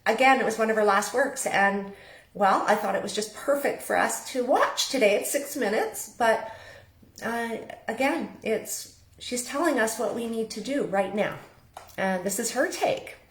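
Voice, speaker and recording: A woman's voice: a little high, a little slow, roomy sound. A woman from Canada hosting her own online show, chatty and meandering with frequent fillers. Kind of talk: casual live-stream talk.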